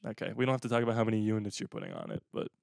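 Smooth-voiced male podcast host. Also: on the low side, fairly even intonation, rapid-fire, a little mellow, no echo, studio quality. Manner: jokey, breaks into a mock radio voice. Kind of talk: casual sports podcast chat.

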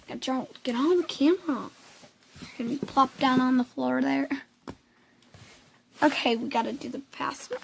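A young woman with a hoarse voice chatting casually as she scrolls through pictures, cooing over the cute ones. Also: high-pitched, slight background noise. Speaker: vlogger. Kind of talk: casual screen tour.

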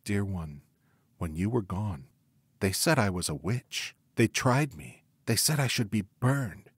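A man's voice: on the low side, expressive, unhurried, slightly rough, dry recording, clean studio sound. A man reading aloud, voicing the tender, mournful ghost of a young woman burned as a witch. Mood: mournful pleading. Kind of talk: audiobook reading.

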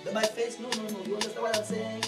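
A woman's voice: a little high, flat delivery, fast talker, close to an everyday voice. A woman playing a wheeling-dealing club owner who talks in broken English and keeps tagging "eh?" onto her lines. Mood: insistent. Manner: broken English, repeats "eh?" and "no problem". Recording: roomy, distant, loud music underneath.

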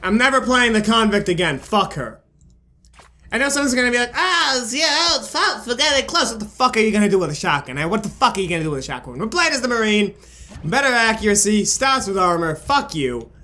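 A man's voice: high-pitched, very animated, fast talker. Frustrated swearing gamer man. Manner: frustrated, swearing, outbursts of yelling. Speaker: gaming video creator. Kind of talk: casual let's play commentary. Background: game music.

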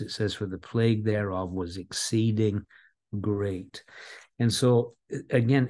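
A man with a lowish, slightly mellow voice preaches an expository Bible sermon in an earnest, deliberate way. He repeats key words and slows down for emphasis.

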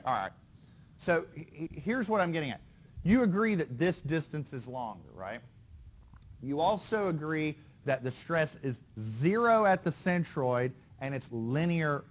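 A man giving a university engineering lecture in a conversational way, quizzing the class and often checking in with "right?" and "okay?". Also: fairly high pitch. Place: lecture hall.

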